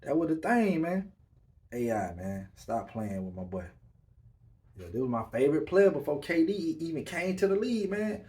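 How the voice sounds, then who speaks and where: A man's voice: a little high, sing-song, normal speed, warm tone. A man hosting a casual podcast, talking loosely with lots of slang and fillers. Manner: laid-back, loose slang, filler-heavy. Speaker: podcast host. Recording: voice a bit far from the mic.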